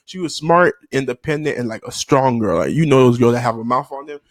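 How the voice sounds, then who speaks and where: A man telling a childhood story to his audience in a loose, animated way, laughing often and jumping into the voices of the people in it. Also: medium pitch, brisk, dry recording, clean studio sound. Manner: loose and profane, addressing the audience directly. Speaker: storytime vlogger. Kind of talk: casual storytelling.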